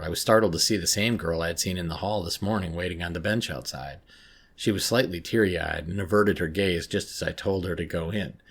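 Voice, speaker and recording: A man narrating a first-person horror story in a measured, tense way. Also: sits low, a bit bright.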